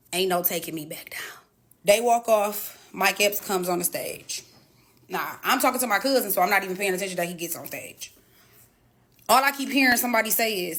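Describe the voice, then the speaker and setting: A woman casually telling her side of a story to camera, swearing freely and acting out what people said. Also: mid-range voice. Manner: animated, profane, acts out quotes.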